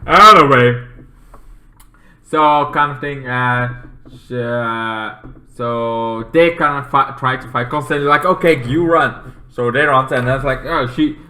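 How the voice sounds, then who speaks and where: A man casually reviewing a TV episode, rambling and halting, with many fillers and restarts. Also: mid-range voice, steady tone, sharp tone. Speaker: TV show reviewer. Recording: echoey room.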